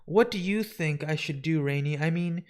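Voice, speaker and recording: A man's voice: a little high, normal speed, close to an everyday voice. A man reading a comic book aloud live, voicing a nervous pregnant woman in her thirties who chatters anxiously.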